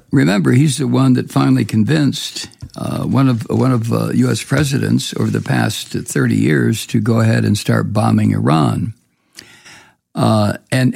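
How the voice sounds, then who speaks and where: A man with a scratchy, hoarse voice reads out news coverage and comments on it with scornful, profane rants. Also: mid-range voice, a little mellow, no echo, clean studio sound. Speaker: political commentator.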